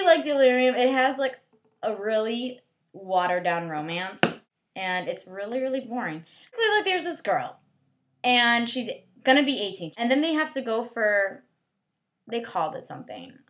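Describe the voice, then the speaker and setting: A woman's voice: fairly high pitch, very animated, normal speed. A young woman giving a rambling, sarcastic book review, full of "like" fillers. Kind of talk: casual vlog book review.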